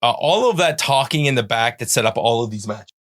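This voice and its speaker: A man's voice: medium pitch, lively intonation, a little fast, a bit bright. A middle-aged man from Canada hosting a casual podcast, rambling through show plugs and teasing his guest. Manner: rambling plugs, playful sound-effect buzzers. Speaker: podcast host.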